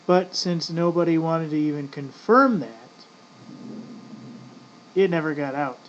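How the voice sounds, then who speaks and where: A vlogger delivers rambling, profane ranting commentary in a casual style, often calling out to "folks." His voice sits a little high and moves at a measured pace. The audio is dull and lo-fi, with faint noise.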